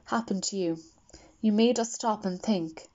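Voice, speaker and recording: A woman reading the part of a gentle, hopeful father in an audiobook, earnest and coaxing, on a dull lo-fi recording. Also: medium pitch, unhurried, lightly acted.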